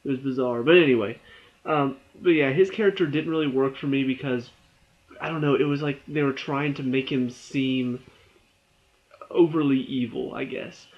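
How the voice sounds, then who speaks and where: A young man giving a casual spoken review of a TV episode, chatty and often exasperated. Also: mid-range voice. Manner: chatty, exasperated, rising to animated complaint. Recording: dull lo-fi recording.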